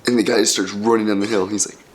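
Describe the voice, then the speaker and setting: A man's voice: fairly low pitch, fast. Young man telling a story, laughing and swearing. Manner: laughs often, swears freely, animated. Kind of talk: casual comedic storytelling.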